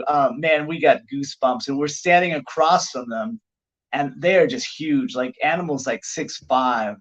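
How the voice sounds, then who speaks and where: A middle-aged man, a pro wrestler guest on a podcast, telling anecdotes in an animated, casual way with lots of "like" fillers. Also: mid-range voice, highs cut off.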